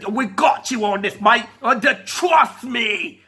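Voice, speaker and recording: Man doing a cheeky mock-British young guy, high and bright, husky edge. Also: slow, full character voice. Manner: cheeky, dismissive.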